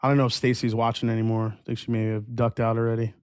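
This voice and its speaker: A man's voice: mid-range voice, flat delivery, quick pace, smooth, dry recording. A man hosting a whiskey review livestream in a casual, rambling way, often restarting sentences and answering chat.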